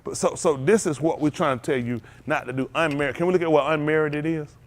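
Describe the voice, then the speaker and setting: A middle-aged man, preaching an animated sermon as pastor, laughing and calling out to the congregation. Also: fairly high pitch, quick pace. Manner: animated preaching with laughs and audience call-outs.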